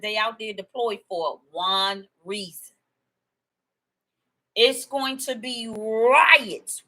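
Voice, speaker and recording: A woman in a casual, rambling monologue to her viewers, animated and emphatic, often repeating herself. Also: fairly high pitch, rough recording. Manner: animated and excitable, laughing and emphatic; rambling storytelling with repetition. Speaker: video host.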